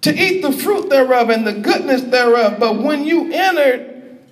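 A man preaching a sermon, reading verses and calling out to his congregation in an emphatic, drawn-out way. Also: very high voice, lively intonation.

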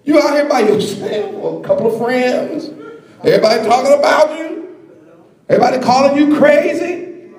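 A man preaching a sermon in a dramatic way, shouting at times and mocking the voices of others. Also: extremely high pitch, normal speed, echoey room.

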